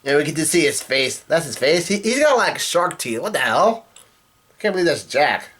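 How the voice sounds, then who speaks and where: A man's voice: a little high, sing-song, moderate pace, a bit bright, breathy edge. Man reading manga lines aloud, swearing. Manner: reads dialogue aloud, drops profane asides. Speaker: manga reaction youtuber. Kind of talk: casual reading aloud with commentary.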